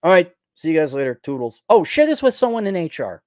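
A man's voice: fairly high pitch, sing-song, fast, darkish tone, no echo, studio quality. A middle-aged man hosting his own podcast, talking in a rambling, sarcastic, opinionated monologue full of restarts and chuckles. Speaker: podcast host.

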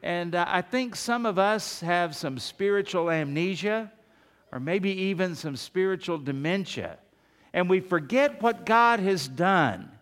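A male pastor delivers a lively sermon in a fairly high voice. He drifts into half-sung hymn lines now and then. His words trail off into the long reverb of a big church hall. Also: a little slow. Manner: animated preaching, half-singing hymn lines.

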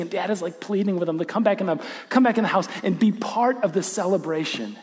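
A man preaching a sermon, animated in his storytelling, who acts out quoted lines and drops to a hushed intensity. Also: high voice, fast, hardly any pauses, big-room sound. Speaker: pastor.

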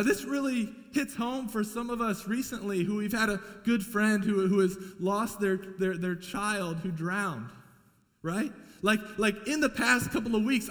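A man's voice: sits high, fairly bright tone. A man preaching a sermon as pastor, emphatic and repeating key lines for weight. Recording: long hall reverb.

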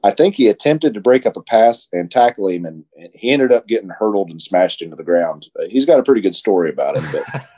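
A man's voice: lowish voice, lively intonation, quick pace, dark tone, husky. A man from Indiana, a guest on a casual chat, talking hesitantly with many fillers.

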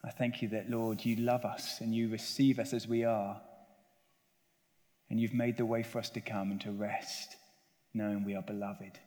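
A man's voice: on the low side, level tone, moderate pace. A man preaching a sermon as pastor, reading scripture earnestly and praying with his listeners. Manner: earnest preaching, swelling on scripture and dropping soft at the close. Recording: long church reverb.

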